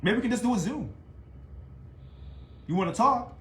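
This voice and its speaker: Animated high-voiced man, echoey room. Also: moderate pace, slight background noise. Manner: animated, taunting, rhetorical questions. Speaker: union leader. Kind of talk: casual video monologue.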